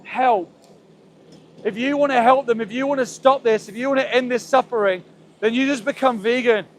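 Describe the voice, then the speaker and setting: A man with a strikingly high voice speaks urgently and emotionally on an outdoor livestream, repeating his pleas again and again. Faint traffic and ambience hum behind him as he talks into a handheld phone. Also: steady tone, brisk. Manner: pleading, repetitive, emotional. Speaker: activist livestream host. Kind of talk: impassioned live street commentary. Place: outdoors near a slaughterhouse.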